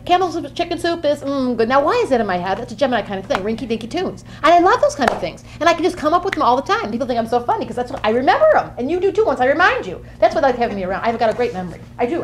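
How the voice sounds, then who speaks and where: A woman's voice: on the high side, a little hiss or hum. A woman acting out a bubbly, quirky Gemini woman who jumps from topic to topic in a comic monologue. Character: chatty flighty Gemini woman, easily bored.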